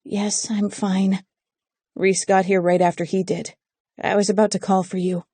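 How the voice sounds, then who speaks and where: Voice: mid-range voice, flat delivery, a little slow, mellow, slightly rough, dry recording. An audiobook narrator voicing a spirited, stubborn young woman who speaks in a pleading, insistent way. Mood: reassuring. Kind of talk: audiobook character voice.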